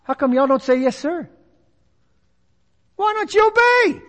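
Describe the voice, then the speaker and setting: A man's voice: very high voice, sing-song, measured pace, a bit bright. A man preaching a folksy sermon, acting out the voices of others. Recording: long reverb of a large hall.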